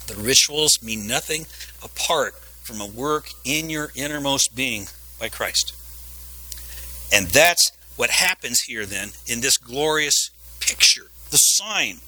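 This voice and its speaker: Bright-voiced man preaching on a headset. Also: fairly high pitch, low-quality recording. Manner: earnest, emphatic, repeats phrases for stress. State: sniffly, coughing between phrases. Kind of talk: sermon.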